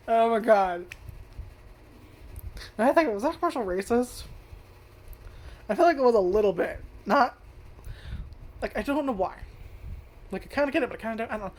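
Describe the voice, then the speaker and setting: A woman's voice: medium pitch, brisk, long pauses, a little mellow. A woman reviewing an anime casually, rambling, swearing a lot and laughing often. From United States.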